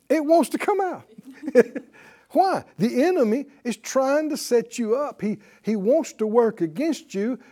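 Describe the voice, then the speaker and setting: A male preacher giving a sermon, asking questions, quoting scripture and chuckling between points. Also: very high-pitched. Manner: animated, asks the congregation questions, quotes scripture.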